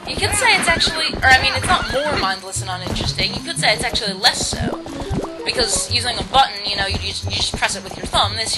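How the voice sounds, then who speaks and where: A woman's voice: fairly high pitch, low-quality recording. Rambling woman over game music. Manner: rambling, hesitant, full of restarts and "like". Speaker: let's play host. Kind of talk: casual gameplay commentary.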